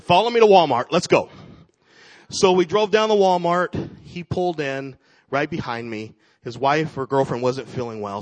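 Earnest man telling a church testimony. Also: medium pitch. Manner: earnest storyteller, acts out the voices in his story. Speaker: ministry team director. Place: church sanctuary.

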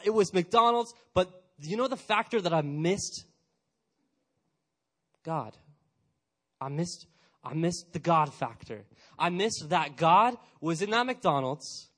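A young man in his twenties giving a casual, energetic youth sermon, chatty and full of fillers, acting out little quotes. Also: sits high. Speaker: youth pastor.

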